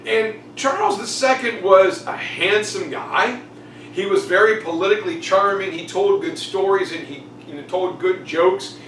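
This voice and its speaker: A man's voice: high voice, normal speed, a bit bright, reverberant, far from the mic, a little hiss or hum, low-quality recording. A man teaching a casual exam review, jokey and chatty, acting out quotes. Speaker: history teacher.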